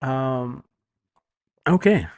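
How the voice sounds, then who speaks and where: A man hosting an online open mic, relaxed and chatty, with lots of fillers. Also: mid-range voice, drawn-out words, dry recording, clean studio sound. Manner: laid-back, lots of fillers and "you know what I'm saying". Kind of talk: casual chat. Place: home, online video call.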